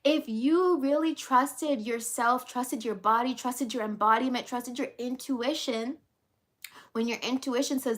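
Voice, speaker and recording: A woman's voice: fairly high pitch, measured pace. A woman life coach giving an emphatic motivational monologue, blunt and preachy, swearing freely and acting out the inner voices of her listeners.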